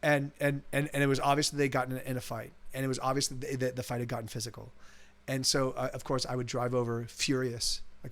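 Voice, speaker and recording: A man's voice: fairly high pitch, fast, fairly bright tone. A man who streams his own music live, talking casually and rambling between songs, often restarting his sentences and swearing freely.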